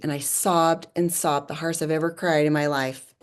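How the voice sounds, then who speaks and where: A woman, a podcast guest, telling a personal story in lively conversation, often saying "like" and laughing as she goes. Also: sits low, normal speed, clear, resonant tone. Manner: animated, often says "like" and laughs.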